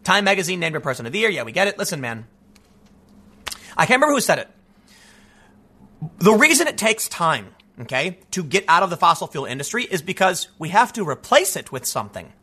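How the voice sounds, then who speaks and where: Male commentator, high bright voice, combative and emphatic rant. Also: sing-song, fairly quick, pauses often, slightly rough. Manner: emphatic, combative, casual asides like "man". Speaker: political commentator. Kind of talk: ranting commentary.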